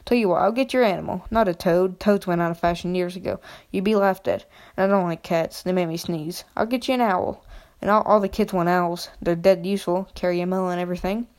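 A woman voicing a gruff giant male groundskeeper while reading a storybook aloud. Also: on the low side, a little fast, darkish tone, close to an everyday voice.

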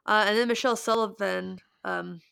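Brief: young woman, podcast co-host, chatty and rambling, gravelly edge, dry close sound. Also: mid-range voice, fairly even intonation, normal speed, a bit bright, no echo. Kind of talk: casual chat.

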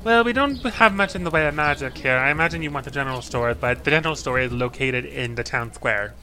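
A man playing a gruff, very tall woman shipwright. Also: medium pitch, quick pace, pushed and bright, soft background music. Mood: matter-of-fact. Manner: rough dockside speech, "oi", "laddie boy".

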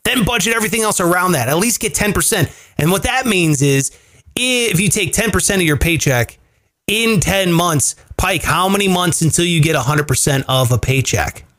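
A man's voice: high voice, expressive, normal speed, a bit bright. A man hosting a casual chat show, explaining money tips with emphatic, profane energy. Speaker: podcast host.

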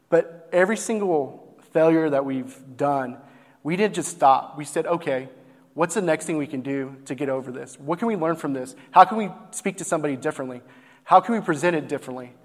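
A young man from Texas, a barbecue business owner, earnestly telling a heartfelt personal story on stage with plenty of fillers. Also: mid-range voice. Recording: long hall reverb.

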